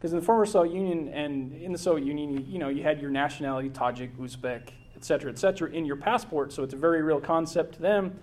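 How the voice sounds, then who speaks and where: A man's voice: a little high, fast talker, hardly any pauses, a little mellow. A middle-aged American man giving a casual travel slideshow talk, rambling with many fillers and restarts. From United States.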